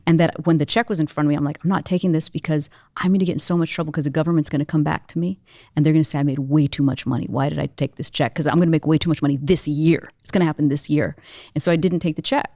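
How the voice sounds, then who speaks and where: Earnest, lower-voiced young woman telling her story. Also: racing, dry recording, clean studio sound. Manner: earnest, animated storytelling with many fillers. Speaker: entrepreneur guest. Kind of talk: casual interview conversation.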